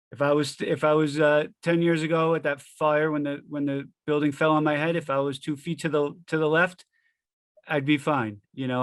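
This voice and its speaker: A man's voice: mid-range voice, dry recording. A middle-aged man, a retired firefighter, talking candidly and bluntly as an interview guest, swearing casually and restarting his sentences.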